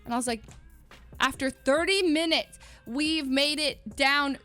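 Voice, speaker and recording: A young woman with a high voice tells a rambling story to her stream chat, casual and animated. She laughs often and jumps up in pitch when she acts out what people said. Faint music plays softly behind her. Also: a little slow. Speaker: livestreamer.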